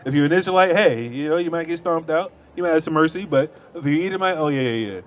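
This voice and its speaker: A man's voice: fairly high pitch, fast talker. A man preaching outdoors on a city street through a handheld microphone, arguing in a heated debate, dismissive and repeating himself.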